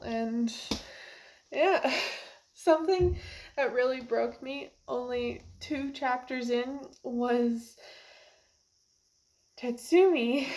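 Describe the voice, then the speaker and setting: A woman's voice: high voice, darkish tone. A young woman talking casually about a book she just finished, emotional and rambling, laughing and close to tears. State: teary. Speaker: book reviewer. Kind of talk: casual book review vlog.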